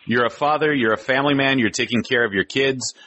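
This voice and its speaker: A man's voice: medium pitch, quick pace, bright, forceful tone, dry recording, lo-fi sound. A man hosting a podcast, talking in an easygoing casual way and often adding short agreements. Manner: easygoing, frequent brief agreements. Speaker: podcast host.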